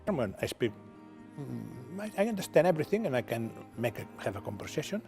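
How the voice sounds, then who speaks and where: Older Catalan man, halting non-native English. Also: medium pitch, sing-song, gravelly, a little mellow, faint music behind. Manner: halting, repeats words, frequent "okay?" tags, laughs often. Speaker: television producer, guest.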